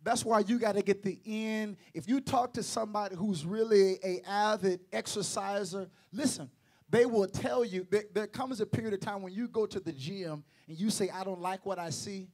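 High-voiced preacher swinging from hush to shouts. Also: male voice, moderate pace. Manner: preacher who swings from quiet asides to shouting; jokes with the congregation, repeats lines for emphasis. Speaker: pastor. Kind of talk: sermon.

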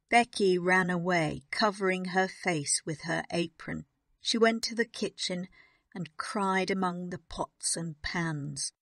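Slow careful woman storyteller. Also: on the low side, creaky, a bit bright, no echo, clean studio sound. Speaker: audiobook narrator. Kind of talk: graded reader storytelling.

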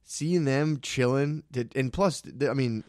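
Deadpan joking podcast co-host man. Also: medium pitch, measured pace, no echo, clean studio sound. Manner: deadpan absurd jokes, eager questions. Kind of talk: casual chat.

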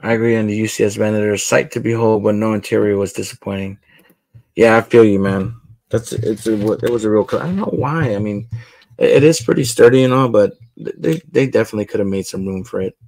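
Gravelly laid-back man hosting a livestream. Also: fairly low pitch, brisk, darkish tone, no echo. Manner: laid-back, chatty, talks to viewers. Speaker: livestream host. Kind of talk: casual livestream chat while building.

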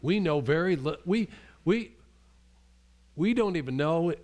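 A man's voice: on the high side, lively intonation, unhurried, darkish tone. A male pastor preaching a sermon in a conversational way, often restarting his sentences and acting out the voices he quotes.

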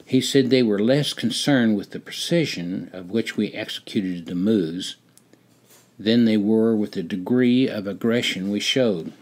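A man in his seventies telling his own army memoir in a measured, wry way. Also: on the low side. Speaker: storyteller. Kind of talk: memoir narration.

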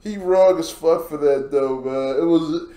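A man's voice: a little high, unhurried, warm tone, echoey room. A man reacting to comedy skits, laughing hard and swearing in casual slang. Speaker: reaction video host.

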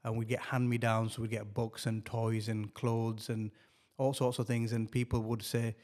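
Halting man, flat voice. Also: medium pitch. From northern England. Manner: halting, repeats words, many fillers. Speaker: podcast guest. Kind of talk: reflective personal storytelling.

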